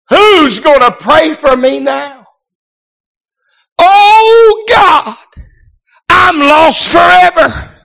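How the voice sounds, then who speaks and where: A male preacher giving an impassioned sermon, telling stories with frequent amens and hallelujahs, swinging between hushed narration and shouted cries. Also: a little high.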